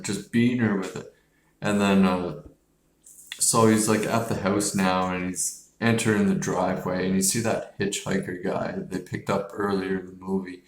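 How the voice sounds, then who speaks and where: A man's voice: on the low side, echoey room. A man casually reviewing a horror film, rambling, swearing and filling his speech with "like". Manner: rambling, profane, heavy use of "like".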